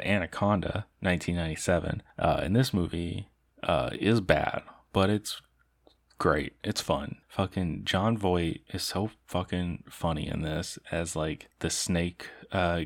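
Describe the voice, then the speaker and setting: A young man with a very low voice talks through film ratings in a loose, rambling way. He sounds tired and worn out, swears casually, and laughs between thoughts. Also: creaky. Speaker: movie reviewer. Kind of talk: casual spoken movie reviews.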